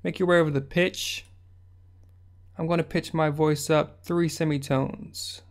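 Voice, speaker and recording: A man narrating a music production tutorial in a casual, slangy manner. His voice sits a little high and stays flat and even, with little rise and fall. He recorded it as a voice-over on a desk microphone. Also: unhurried. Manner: laid-back, slangy, step-by-step instructions.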